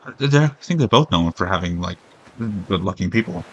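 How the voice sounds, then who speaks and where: A man's voice: deep voice, lively intonation, fairly quick, highs cut off, slight background noise. A man streaming a video game, rambling in casual commentary with sarcastic jokes and frequent swearing.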